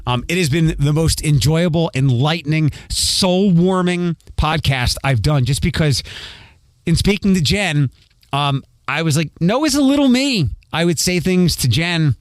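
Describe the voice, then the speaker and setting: Slightly high and unhurried, the man's voice carries no echo. He's a podcast host giving a casual, rambling, self-aware monologue, with a faint Philadelphia accent he's largely trained away.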